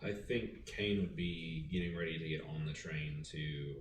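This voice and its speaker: A man's voice: very deep voice, normal speed. A man playing in a tabletop game, describing his character in a hesitant, thoughtful way. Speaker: player. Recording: roomy, distant mic, faint noise.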